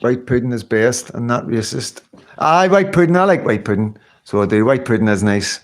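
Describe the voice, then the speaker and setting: A man's voice: mid-range voice, animated, moderate pace. Rambling, chatty man. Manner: rambling, chatty, many fillers and tag questions. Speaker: livestream host. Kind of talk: casual livestream chat reading comments.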